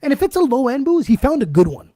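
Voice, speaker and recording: A man hosting a podcast in casual chat, telling animated stories, swearing a lot and acting out what people said. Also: extremely high pitch, quick pace, no echo. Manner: animated storyteller, swears a lot, acts out quotes. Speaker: podcast host.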